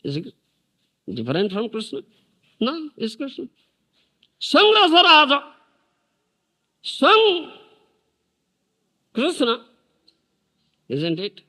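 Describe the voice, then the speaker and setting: A man's voice: very high-pitched, sharp tone. An older man with an Indian accent giving a devotional lecture on an archival tape, emphatic and full of rhetorical questions. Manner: emphatic, asks listeners rhetorical questions, chants verses in Bengali. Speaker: spiritual teacher lecturing.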